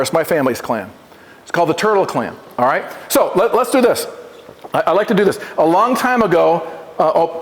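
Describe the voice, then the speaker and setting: A man with a high voice gives a talk to a class, stumbling over restarts and asking the room to repeat after him. A long reverb trails behind him in the school hall. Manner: stammering restarts, questions to the class. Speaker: visiting Oneida presenter at a school. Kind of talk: classroom presentation with call-and-repeat.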